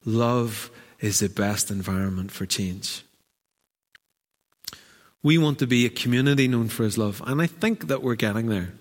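Pastor preaching in a reverberant church. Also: male voice, on the low side, moderate pace, pauses often. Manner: animated, acts out quoted voices. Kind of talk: sermon. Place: church hall. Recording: church hall with long reverb.

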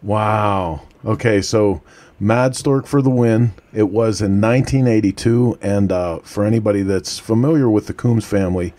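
A man's voice: fairly low pitch, moderate pace, dark tone. A man hosting a live online show, chatting casually and laughing easily with a guest and co-hosts. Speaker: show host. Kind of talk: casual live-stream chat.

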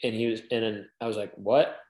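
A man's voice: fairly low pitch, little pitch movement, racing, reverberant, rough recording. A man in his thirties, a guest in an interview, telling a long story casually with lots of "like" and acted-out quotes. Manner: chatty, peppered with "like", acts out quoted dialogue.

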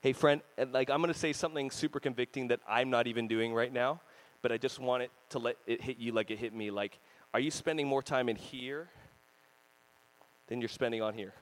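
A man in his thirties preaching a sermon as pastor, animated and joking, sometimes acting out other people's voices. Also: medium pitch, fairly quick, rough recording. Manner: animated, jokey, acts out voices and screams.

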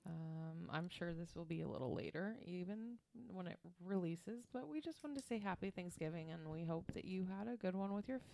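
Giggly woman with a gravelly edge. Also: lowish voice, expressive, moderate pace, hardly any pauses, mellow, a little hiss or hum. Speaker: podcast co-host. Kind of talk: casual chat about misheard song lyrics.

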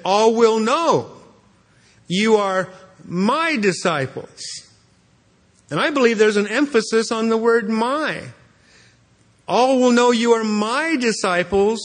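A man preaching an expository sermon as a pastor, earnest and repeating words as he restarts. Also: sits high. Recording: long hall reverb.

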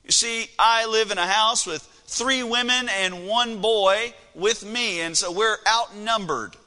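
A man's voice: sits high, a little slow, pushed and bright. A man preaching a sermon in a church, telling a family story in a conversational way with fillers. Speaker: pastor. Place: church sanctuary. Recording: long reverb of a large hall.

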